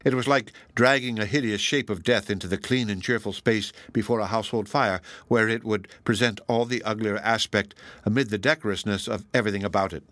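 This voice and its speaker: A man narrating a classic novel as an audiobook in a measured, even storytelling manner. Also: fairly low pitch, no echo. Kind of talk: audiobook reading of classic fiction.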